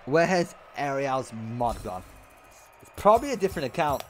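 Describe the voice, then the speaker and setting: There's slight background noise as a young man in a mid-range voice tells swear-filled, rowdy stories while streaming a game at normal speed. He stays animated and often bursts out laughing.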